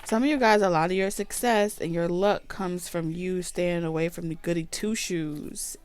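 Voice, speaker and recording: A woman's voice: on the low side, fairly even intonation, moderate pace, noisy background. A woman giving a casual tarot reading, chatty, blunt and profane. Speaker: tarot reader.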